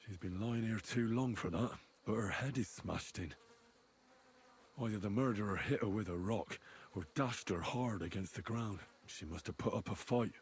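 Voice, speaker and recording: A man's voice: lowish voice, moderate pace, a little hiss or hum, natural voice. A man voicing a young medieval investigator in a video game, thinking aloud in a grim, wondering way. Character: young male medieval investigator examining a body.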